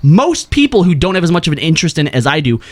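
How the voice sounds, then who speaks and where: A man's voice: a little high, big pitch swings, rapid-fire. A man hosting a gaming podcast, joking and teasing in casual chat. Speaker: podcast host.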